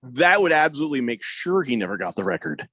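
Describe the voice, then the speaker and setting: A man reads listener texts on a sports radio show and cracks wry jokes about them. His pitch jumps around freely as he talks. The studio sound is dry and close. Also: very animated, fast talker, sharp tone, husky, no room sound. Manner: wry, joking, reads messages aloud. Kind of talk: casual sports radio banter. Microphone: studio microphone.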